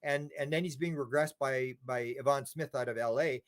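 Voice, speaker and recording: A man's voice: mid-range voice, fairly even intonation, normal speed. Man, interview guest, rambling storyteller, repeats words, acts out voices. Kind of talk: casual interview talk.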